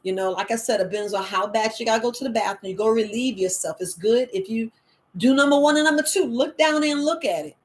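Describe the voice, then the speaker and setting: Higher-voiced woman herbalist vlogging, super chatty and animated, goes loud then quiet. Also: fast talker. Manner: animated, loose and chatty, swings loud and soft. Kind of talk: casual motivational talk.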